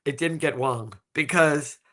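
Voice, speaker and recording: A middle-aged man co-hosts a relaxed conversation, spinning audition stories with lots of energy. His voice sits a little high for a man and rings with a bright, forward edge. He slips in and out of the voices of the people he quotes. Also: a little slow. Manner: animated storyteller, acts out quoted voices. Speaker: co-host. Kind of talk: casual chat about auditions.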